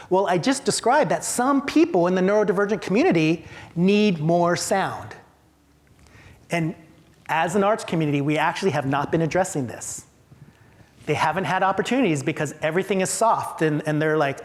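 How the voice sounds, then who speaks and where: A man's voice: high-pitched, expressive, moderate pace. Man leading a staff training in a hall. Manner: emphatic, rhetorical questions, acts out reactions. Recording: long hall reverb.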